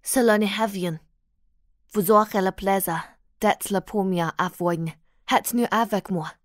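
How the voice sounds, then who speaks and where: A woman's voice: medium pitch, moderate pace, no echo, close to an everyday voice. Teasing young male teacher, smug and playful, as a woman narrator voices him; keep it dry and close. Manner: smirking, taunting. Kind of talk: audiobook character voice.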